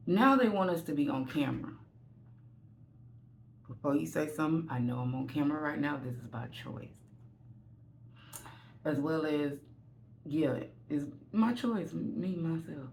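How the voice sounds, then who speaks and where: A woman's voice: deep voice, creaky, a little mellow, slight background noise. A woman vlogger telling a candid, rambling story from home while getting ready. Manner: candid, rambling, self-deprecating.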